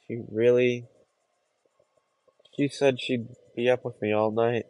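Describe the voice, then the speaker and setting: A young man hosting a podcast, talking to himself in a distressed, halting, brooding confessional monologue. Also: mid-range voice, flat delivery, a little mellow, no room sound. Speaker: podcast host.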